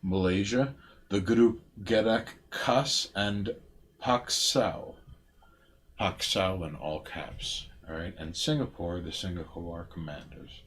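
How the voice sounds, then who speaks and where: A man's voice: low voice, a little hiss or hum. Profane man reading facts on a stream. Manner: profane, reading facts aloud with loud outbursts. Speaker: podcast co-host. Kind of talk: casual late-night stream chat.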